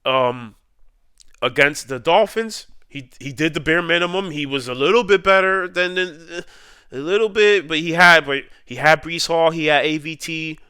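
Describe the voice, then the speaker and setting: Male sports vlogger, heated fan rant, smooth clear voice, dry close mic. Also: on the high side, pushed and bright, dry recording. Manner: heated, repetitive, drawn-out emphasis. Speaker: sports YouTuber ranting.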